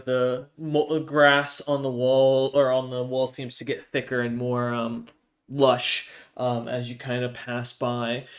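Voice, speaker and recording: A man narrating as game master of a tabletop role-playing game, descriptive and rambling. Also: medium pitch. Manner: rambling, many fillers and restarts, descriptive.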